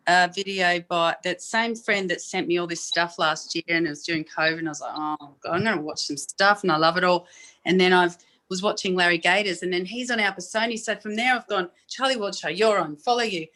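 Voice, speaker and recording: An Australian woman talks excitedly on a video call. She gushes as a fan, with her words tumbling out. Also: on the low side, a little fast, poor audio. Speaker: caller. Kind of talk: casual video call chat.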